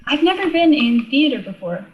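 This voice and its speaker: A young woman as a podcast guest in casual chat, playful and quick to laugh. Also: sits high, lo-fi sound. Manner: playful, laughs often, deadpan teasing.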